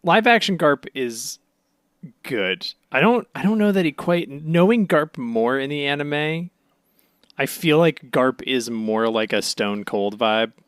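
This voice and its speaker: A man's voice: a little high, lively intonation, a little slow, fairly bright tone, smooth, dry recording, studio quality. A young man co-hosting a podcast in casual chat, laid-back and agreeable, dropping in sarcastic asides. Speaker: podcast co-host.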